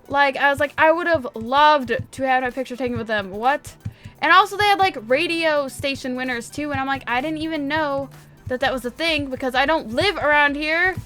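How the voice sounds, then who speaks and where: A young woman from northwest Indiana chatting excitedly while she plays a game, full of "like" fillers. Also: high-pitched, fairly quick, faint music behind. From northwest Indiana, USA. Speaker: gaming vlogger. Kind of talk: casual storytelling over gameplay.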